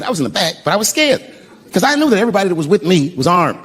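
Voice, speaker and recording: A middle-aged man doing stand-up storytelling on stage, shouting some punchlines high. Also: very animated, very fast, slightly rough. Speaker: stand-up comedian. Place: stage before a live audience. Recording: noisy live stand-up room. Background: audience laughter.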